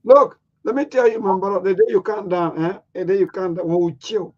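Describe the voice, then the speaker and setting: A man's voice: high-pitched, steady tone, brisk, darkish tone, highs cut off. A man, co-hosting a show and bantering casually in an easygoing, joking way. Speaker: co-host.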